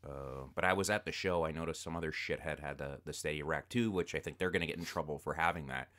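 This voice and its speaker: A man's voice: rumbling low, fast. A man co-hosting a casual podcast, rambling, swearing and getting worked up as he talks. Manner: profane, rambling, excitable. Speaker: podcast co-host.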